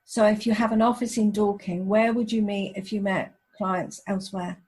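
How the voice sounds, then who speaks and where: A woman's voice: medium pitch, fairly even intonation, moderate pace, a little mellow, breathy edge. A woman, a relationship counsellor, hosting a podcast interview and talking in an empathetic, thinking-aloud way.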